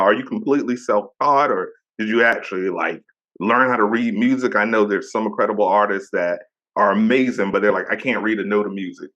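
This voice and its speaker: A male podcast host with a bright, forceful voice set fairly low, chatting eagerly in a casual interview. He talks in an easy, slangy way and asks questions with a lot of praise. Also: lo-fi sound.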